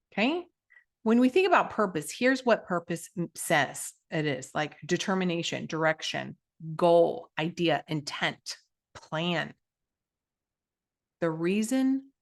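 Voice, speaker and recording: Direct, lower-voiced woman podcast coach. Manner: direct, energetic, talks with her hands in her voice, many asides. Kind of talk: solo podcast teaching.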